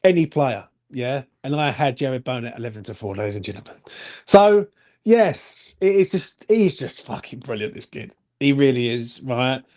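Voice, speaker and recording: A man's voice: medium pitch, animated, normal speed, a little mellow. A man, co-hosting a casual football fan chat and rating players bluntly, with some swearing. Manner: blunt, swears, asks "yeah?".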